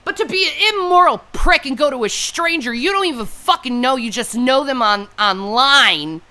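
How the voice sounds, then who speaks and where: A woman's voice: sits high, lively intonation, moderate pace, pushed and bright. A grieving woman delivering a furious, profane livestream rant. She often repeats her points and sounds close to tears. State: grieving and upset. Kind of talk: angry unscripted livestream rant.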